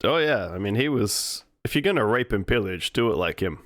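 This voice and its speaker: A man's voice: fairly low pitch, animated, a little fast, fairly bright tone, no echo, studio quality. A young man co-hosting a podcast, laid-back and drily going along with the jokes in casual banter. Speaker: podcast co-host.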